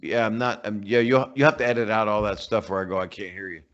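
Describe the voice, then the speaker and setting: Older comedian guest, lowish voice, rambling wry jokes, muffled lo-fi call audio. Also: male voice, quick pace, fairly bright tone. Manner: rambling, joking, wry asides. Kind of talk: casual interview chat over a call. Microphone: remote call connection.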